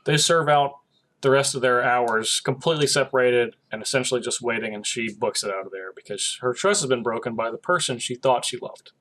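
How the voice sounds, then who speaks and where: A man's voice: mid-range voice, fairly quick. A man co-hosting a podcast, retelling an episode's plot in casual chat and acting out the characters' lines. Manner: animated storytelling, acting out quoted lines. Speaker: podcast co-host.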